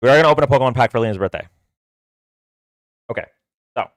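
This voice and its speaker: A man's voice: medium pitch, fast, no echo. A man hosting a livestream, telling a long casual story in a rambling way with many fillers and restarts. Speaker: livestream host.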